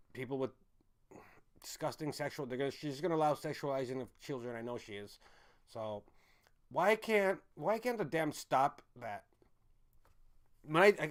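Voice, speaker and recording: Male stream host, mid-pitched voice, loose ranting delivery full of restarts. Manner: ranting, with frequent restarts and stumbles; addresses the audience as folks and guys. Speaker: online commentary host. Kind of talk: rambling livestream commentary.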